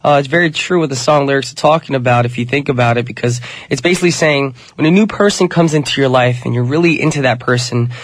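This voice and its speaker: In a radio studio, a man hosts a show with casual DJ patter, upbeat and chatty, calling his listeners "you guys." His mid-range voice sounds nasal from a cold, and he talks fast with few pauses and no room sound.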